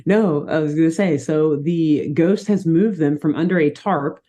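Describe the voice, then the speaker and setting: A woman's voice: sits low, moderate pace. A young woman co-hosting a podcast, animatedly retelling a cartoon plot with frequent laughter. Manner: animated storytelling, laughing often. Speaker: podcast co-host recapping a cartoon. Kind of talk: casual chat.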